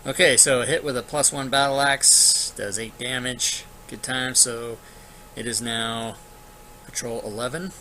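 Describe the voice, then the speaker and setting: A man narrates monster moves as dungeon master in a casual, thinking-aloud way. His voice is bright and forward. Faint noise sits under the recording. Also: medium pitch, steady tone, unhurried, poor audio. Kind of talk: narrating a tabletop game online.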